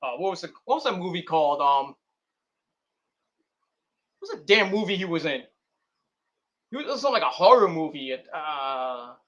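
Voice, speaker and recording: A man's voice: high-pitched, a bit bright, highs cut off. Rambling, foul-mouthed New streamer man. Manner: rambling, profane, full of "you know" and restarts. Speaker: streamer host. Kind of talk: casual wrestling talk stream.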